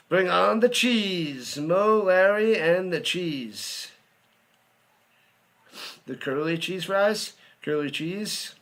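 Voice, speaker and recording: A man hosting a live watch party, giving excitable play-by-play commentary and chatting with viewers. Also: high-pitched, slow pace. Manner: excitable, chatty, hums and sings to himself.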